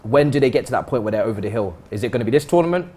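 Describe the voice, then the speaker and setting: A man chatting casually about football on a panel, thinking out loud in quick bursts. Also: mid-range voice, lively intonation, slightly rough. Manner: rapid, thinks aloud, restarts. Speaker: football pundit.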